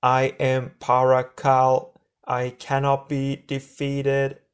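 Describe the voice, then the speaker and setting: A man voicing crazed, overloaded monster creatures in an audiobook, drawn-out and strained. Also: medium pitch, completely flat delivery, smooth, pitched above the performer's own voice, natural voice.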